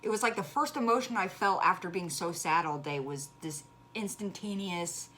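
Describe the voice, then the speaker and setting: A woman frankly telling a personal story on her vlog, halting and restarting, flaring up when angry. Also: on the low side, sharp tone. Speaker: vlogger sharing a personal story. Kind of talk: candid conversational storytelling. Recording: clear background noise.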